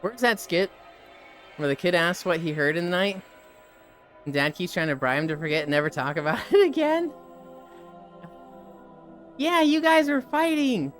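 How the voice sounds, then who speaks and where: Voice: mid-range voice, animated, moderate pace, pauses often, a bit bright, faint music behind. A live streamer walking while chatting casually, retelling funny stories with lots of laughter and swearing, and acting out the people in them. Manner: laughs often, swears, acts out quoted voices.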